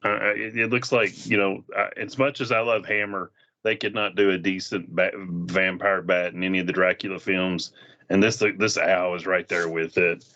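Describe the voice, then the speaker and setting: A man's voice: low-pitched, little pitch movement, normal speed, bright, forceful tone. A man chatting casually in a film review, retelling scenes and acting out the characters' lines. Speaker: movie reviewer. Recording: dull lo-fi sound.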